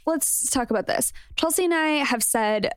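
A young woman guest on a podcast, talking bluntly and speaking her mind. Her voice is a little high. The sound is close and dry, with no room around her. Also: lively intonation, normal speed, no echo. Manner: blunt, frank and opinionated. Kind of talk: casual chat.

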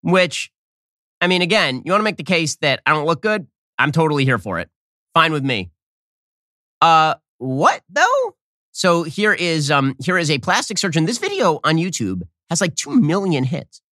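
A man hosting a political commentary show, talking in a fast, sardonic opinion monologue with quick restarts, on a close studio mic. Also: fairly high pitch, big pitch swings, sharp tone, no room sound.

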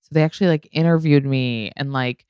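A woman talks through her podcast in a low, smooth voice, recorded close and dry with no room around it. She rambles in casual chat, leaning on "like" and "you know" and letting a swear word slip now and then. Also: fairly quick, dark tone, no echo. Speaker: podcast host. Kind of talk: casual solo podcast storytelling.

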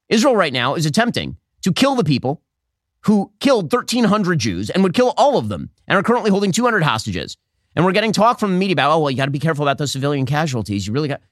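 A man hosting a political commentary show, arguing fast with a sarcastic, combative edge. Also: high voice, a bit bright, dry recording, clean studio sound. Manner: rapid, sarcastic, argumentative. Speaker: podcast host.

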